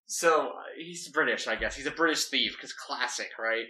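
A man's voice: mid-range voice, moderate pace, pushed and bright. A man talking through a story plan casually, rambling and filling gaps with "like". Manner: rambling, full of "like". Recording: echoey room, mic at a distance.

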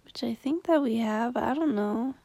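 A young woman talks in a slow, low-key confessional way, swearing bluntly and often sinking into a whisper. Her voice sits a little high but sounds dark and mellow, with a gravelly fry. The sound is dry, with no room echo. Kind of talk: casual confessional vlog.

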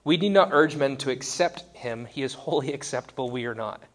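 A man's voice: medium pitch, fairly quick. A man in his thirties giving a conversational sermon, wry and self-deprecating. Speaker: pastor.

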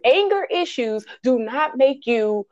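A woman co-hosting a podcast, reviewing a film in casual chat, animated and ranting, acting out quotes in high voices. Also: slow pace, dull audio. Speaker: podcast co-host.

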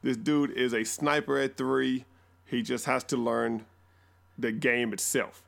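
A man's voice: mid-range voice, level tone, measured pace, vocal fry. A man co-hosting a sports podcast, joking in self-deprecating banter. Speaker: podcast co-host. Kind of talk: casual sports chat.

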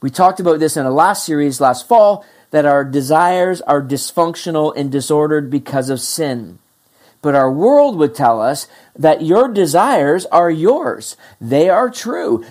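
A pastor preaching a sermon in a conversational, animated way, acting out what listeners think and swinging between emphatic rises and quiet low asides. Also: measured pace. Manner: conversational, animated, acts out listeners' inner voices.

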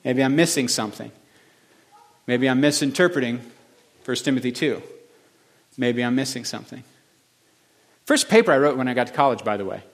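Man preaching, hushed to emphatic. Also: mid-range voice, expressive, brisk, long pauses. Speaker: pastor. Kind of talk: sermon.

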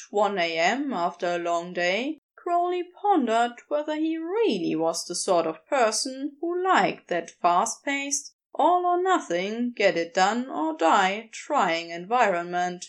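A woman narrating fan fiction aloud with expressive storytelling. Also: on the high side.

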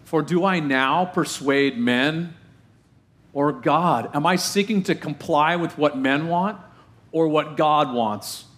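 A man preaching a sermon as pastor, full of rhetorical questions and emphatic repetition, slowing down to stress key phrases, with playful asides. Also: a little high, fairly bright tone. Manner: playful asides and self-deprecating humor.

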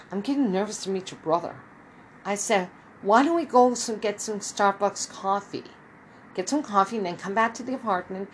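Over poor audio with a faint hiss or hum, a woman in her fifties tells a meandering personal story. When quoting others, she performs their lines and varies her pitch.

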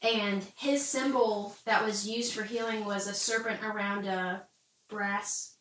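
A woman's voice: mid-range voice, fairly even intonation, a little slow, fairly bright tone, far from the mic. A woman explaining history in a casual Bible discussion, chatty, laughing often and saying "like" a lot. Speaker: Bible study co-host. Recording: echoey room, off-mic, faint noise.

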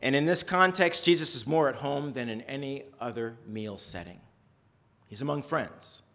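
A man preaching a sermon, retelling a story conversationally with lively swings in pitch. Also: normal speed, vocal fry. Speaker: pastor.

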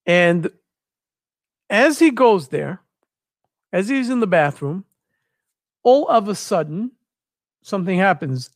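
Man, high voice, dry close sound, animated storyteller. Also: slow, pauses often, no room sound. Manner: searches for words, repeats phrases, animated retelling. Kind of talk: casual storytelling.

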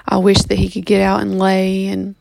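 Flat, gravelly-voiced woman talking straight into a dry mic. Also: medium pitch, dry recording. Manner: halting, many ums and restarts. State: just woke up, yawning. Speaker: vlogger giving a pet health update. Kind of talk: casual update vlog.

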